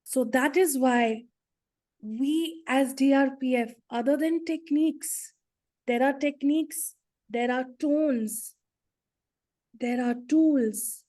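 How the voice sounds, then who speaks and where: A woman speaks slowly in a high, mellow voice, leaning on key words to make her points. She presents to a group in an emphatic, demonstrative way and keeps checking in with her listeners. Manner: emphatic, demonstrative, uses tag questions. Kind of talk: casual presentation with interpreter.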